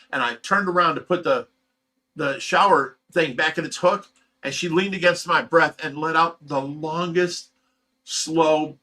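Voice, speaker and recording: A man's voice: fairly high pitch, pushed and bright. A man hosting his own channel, telling a painful personal story to his viewers in a raw, rambling, emotional way. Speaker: host of a fish rescue channel.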